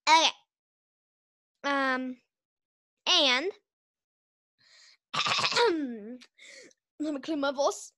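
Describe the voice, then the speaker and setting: A podcast host with a high, bright, forceful voice speaks extremely slowly, leaving long pauses. She tells a rambling story in a casual, giggly manner, restarting often and saying "like" constantly.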